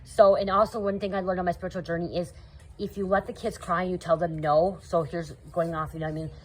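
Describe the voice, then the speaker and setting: A spiritual content creator offers earnest advice in a casual, rambling monologue, coaching viewers and often adding "you know" and "okay?" Her voice is lowish and level, quick-paced, with a little hiss or hum.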